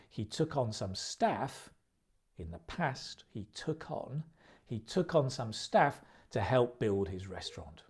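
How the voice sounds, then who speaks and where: A man teaching English idioms in a recorded video lesson, speaking slowly and clearly and repeating phrases for practice. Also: medium pitch, darkish tone.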